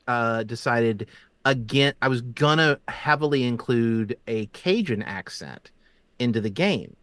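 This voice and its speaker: A man's voice: mid-range voice, dry recording. Man with a faint Southern drawl. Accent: slight Southern US. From American South. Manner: animated storyteller, laughs often. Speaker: game master and show creator. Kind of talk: casual chat.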